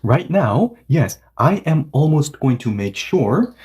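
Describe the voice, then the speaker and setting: Animated man teaching grammar. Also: a little high, slow. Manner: animated, acts out example sentences, many "yes" and "okay" asides. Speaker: Korean language teacher. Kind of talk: grammar lesson explanation.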